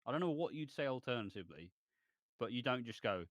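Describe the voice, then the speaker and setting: A man's voice: mid-range voice, expressive, moderate pace, fairly bright tone, no echo, studio quality. A man co-hosting a podcast, rambling and hesitant in casual chat about a soap, with sudden bursts of exasperation. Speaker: podcast co-host.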